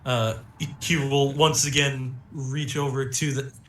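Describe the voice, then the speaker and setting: Slow, bright-voiced young man narrating a game. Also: mid-range voice, level tone, echoey room, a little hiss or hum. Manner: laid-back narration with frequent fillers and chuckles. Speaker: game master.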